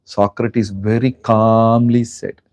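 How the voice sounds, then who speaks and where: This spiritual teacher speaks Indian English in a lowish, darkish voice, keeping a level tone and a slow pace. He animatedly tells stories in his lecture and asks the audience rhetorical questions, and the recording is dry.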